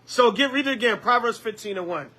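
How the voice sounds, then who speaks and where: A man preaching a Bible lesson as an elder, lively, with call-and-response and acted-out quotes. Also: very high-pitched, quick pace.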